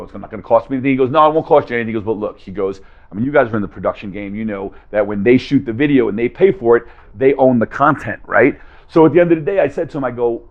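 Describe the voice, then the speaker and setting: A man telling a story to a live audience, acting out both sides of each conversation with lively energy. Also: on the low side, dull audio. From Las Vegas, USA. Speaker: guest speaker.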